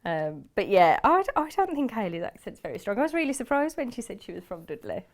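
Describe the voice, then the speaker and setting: A woman's voice: mid-range voice, very animated, fast. A woman from Wolverhampton with a Black Country accent, chatting as a guest crafter while she walks through a sewing demonstration step by step. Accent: Black Country English. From Wolverhampton, England. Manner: chatty, explains steps as she works.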